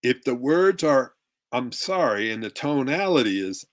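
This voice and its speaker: A man's voice: mid-range voice, very animated, a little slow. A middle-aged man giving a relationship workshop talk with slides, acting out tones of voice to make his points. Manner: demonstrative, acts out tones of voice. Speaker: relationship coach.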